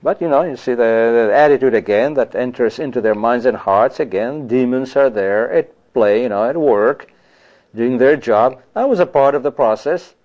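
A man's voice: medium pitch, normal speed, dull audio. A man giving a conversational sermon on scripture, often adding "you see" and "you know". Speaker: preacher.

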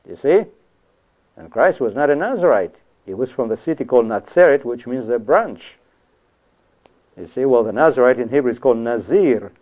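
A man leads a verse-by-verse Bible study in a rambling teaching manner, dropping "you see" and "you know" between his points. His voice sits at an ordinary middle pitch. The sound is narrow and tinny, like a phone line. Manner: digressive, frequent "you see" and "you know" asides.

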